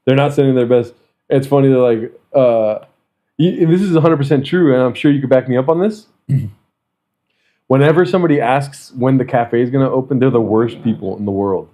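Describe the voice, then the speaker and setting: With a dark, mid-range voice and a brisk delivery, a young podcast host keeps things casual, cracking jokes, laughing often and swearing without restraint.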